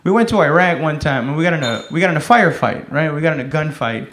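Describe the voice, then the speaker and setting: A man in his thirties doing stand-up, telling stories in a laid-back way, swearing often and shouting the lines of other people. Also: a little high, expressive, fast. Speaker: stand-up comedian. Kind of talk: stand-up comedy set. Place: comedy club stage. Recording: echoey comedy club with loud laughter.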